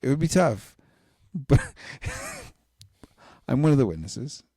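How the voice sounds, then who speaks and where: Man from Utah, mid-pitched mellow voice, dry sound, joking casual chat. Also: huge pitch swings, slightly rough, no echo. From Utah, United States. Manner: jokey, quick to laugh. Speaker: podcast co-host.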